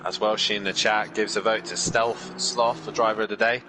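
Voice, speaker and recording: A man co-commentating a sim race, relaxed, adding comments on the drivers. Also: lowish voice, normal speed, noisy background.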